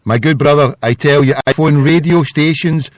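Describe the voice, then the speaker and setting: A man's voice: on the high side, moderate pace, no room sound, studio quality. A man with a Scottish accent calling a radio phone-in, chatty, rambling and earnest. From Scotland. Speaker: caller.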